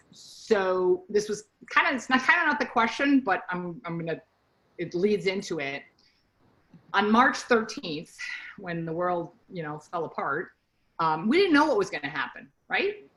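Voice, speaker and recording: A woman's voice: medium pitch, poor audio. A middle-aged woman giving a casual training talk to her sales team, chatty and full of stories and asides. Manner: chatty, animated storytelling with asides.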